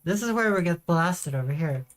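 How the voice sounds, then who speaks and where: A woman's voice: fairly low pitch, expressive, moderate pace. A woman streaming a video game, chatting casually to her viewers with offhand swearing. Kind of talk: casual gameplay commentary.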